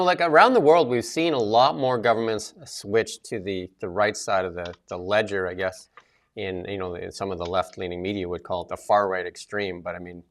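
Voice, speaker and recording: A man's voice: low-pitched, gravelly. A middle-aged man co-hosting a casual political chat, rambling with many fillers and restarts. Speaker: co-host.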